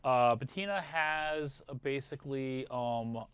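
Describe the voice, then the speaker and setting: A man explaining things at a halting pace in a casual stream chat. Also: mid-range voice, clean tone, dry recording.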